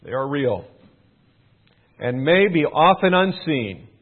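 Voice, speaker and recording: A man preaching a sermon in a measured way, repeating key phrases for emphasis. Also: fairly high pitch, big pitch swings. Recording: phone-like narrow band.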